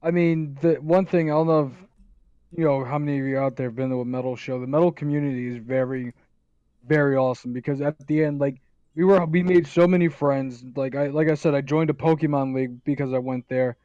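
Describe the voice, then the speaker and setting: A man with a mellow, warm voice tells a rambling, excited story on a casual panel show. His mic sounds dull and dry, with the top end cut off. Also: mid-range voice, a little fast, clear, resonant tone, dry recording. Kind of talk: casual chat.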